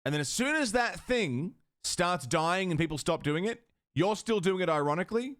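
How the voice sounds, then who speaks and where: A man's voice: high voice, lively intonation, normal speed, a bit bright. A man from Australia with an Australian accent, a live streamer chatting casually with his viewers in a joking, sweary way.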